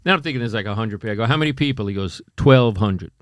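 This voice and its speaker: A middle-aged man with a New York accent, a comedian and former cop, telling animated stories on a talk show. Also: lowish voice, racing, dry recording, studio quality. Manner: animated anecdotes, acts out quoted voices. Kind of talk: casual storytelling.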